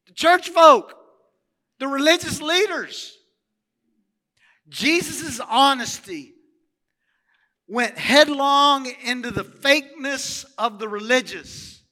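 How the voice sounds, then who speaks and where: Man, pastor, bright forceful voice, animated sermon, questions to the congregation, church reverb. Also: very high voice.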